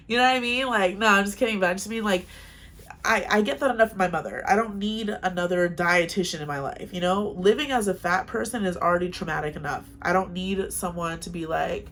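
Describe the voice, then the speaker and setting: A woman's voice: medium pitch, slight background noise. A young woman vlogging casual advice to camera, chatty and frank, telling stories from her own life. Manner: chatty, frank, animated storytelling.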